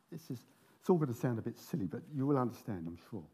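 Husky-voiced male preacher, lively and wry, reads scripture with playful asides. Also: medium pitch, quick pace. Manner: animated, jokey asides while reading scripture. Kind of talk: sermon with Bible reading.

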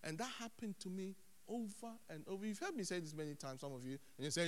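A man preaching a sermon as a pastor, animated, dropping to hushed tones and then rising loud. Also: high voice, fast talker. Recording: long hall reverb.

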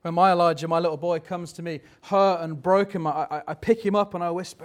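A man's voice: high-pitched, steady tone, a little fast, few pauses. A man preaching a sermon in a reflective, conversational way, turning dramatic when he reads scripture.

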